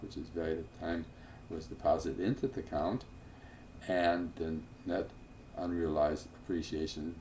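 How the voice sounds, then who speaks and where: Low, mellow-voiced man lecturing informally. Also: slight background noise. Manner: informal, digressive, with many fillers and asides. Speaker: financial planning instructor.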